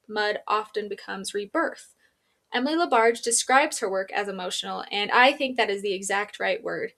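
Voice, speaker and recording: A woman's voice: a little high, fairly bright tone. A young woman, an art student, giving a class presentation in an earnest, reflective and personal way.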